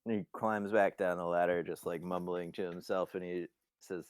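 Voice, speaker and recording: Deep-voiced hesitant game master. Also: male voice, level tone, normal speed, smooth, no room sound. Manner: hesitant, filler-heavy. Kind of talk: narrating a tabletop game.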